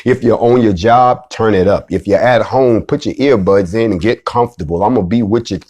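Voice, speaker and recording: A man hosting an online class, preaching with fire, repeating his call-outs and swinging from loud high bursts to low hushed drops. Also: brisk. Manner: emphatic, repetitive, rallying the listeners with call-outs. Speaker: host and teacher of an online class series. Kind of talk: fiery preaching lecture.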